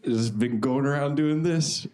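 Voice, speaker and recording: A man performing stand-up in a comedy club, delivering dry, self-deprecating lines into a handheld stage mic. His pitch sits in an ordinary middle range. The live recording carries a clear layer of noise. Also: unhurried. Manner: deadpan, self-deprecating, repeats lines for effect. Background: audience laughter.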